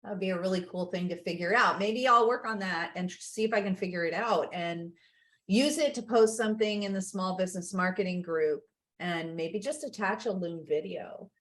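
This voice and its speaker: A woman's voice: lowish voice, moderate pace, a bit bright. A woman hosting a business networking group, casually thinking aloud on a group video call.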